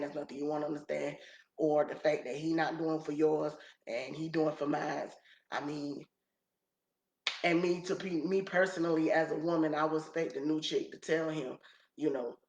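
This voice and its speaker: A woman YouTube vlogger and mother gives casual, emphatic commentary on online drama, ranting and repeating herself. Her voice sits low yet sounds a bit bright, and the room adds echo.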